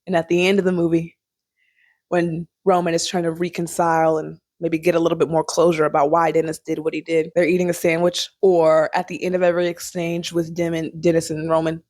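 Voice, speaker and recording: A young woman chatting casually as a vlogger reviewing a movie, animated and quick to laugh. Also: deep voice, no room sound, studio quality. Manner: chatty, animated, laughs often, sings snippets.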